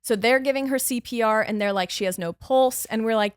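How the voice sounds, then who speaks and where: A woman on a podcast telling a dramatic story in a casual, animated way, laughing as she goes. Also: on the high side, a little fast, clear, resonant tone, no echo, studio quality. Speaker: podcast guest.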